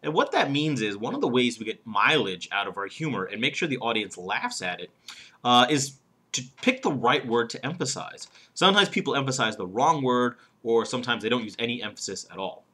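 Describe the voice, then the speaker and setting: Bright-voiced man giving a humor lesson. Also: mid-range voice, big pitch swings, fairly quick, husky. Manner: emphatic, demonstrative, explains step by step. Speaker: humor speaker and coach. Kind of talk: instructional video lesson.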